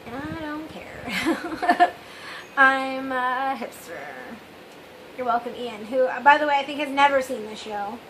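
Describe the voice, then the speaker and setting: A woman's voice: high-pitched, steady tone, measured pace, background noise. A woman hosting her own vlog and talking straight to her viewers in a rambling, candid way. She keeps trailing off with "I don't know" and drops in wry, self-mocking asides. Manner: addresses viewers directly. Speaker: vlog host. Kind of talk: casual confessional vlog monologue.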